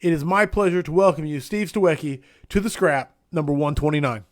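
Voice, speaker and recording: A man's voice: on the high side, fairly quick, dry recording, clean studio sound. A man hosting a casual live interview podcast, upbeat and friendly as he introduces and banters with his guest. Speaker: podcast host.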